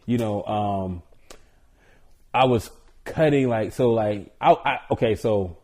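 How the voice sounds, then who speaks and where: A man from Georgia talks as a podcast guest, casual and slangy, joking as he tells his story. His voice sits on the low side for a man. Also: slow, a little mellow.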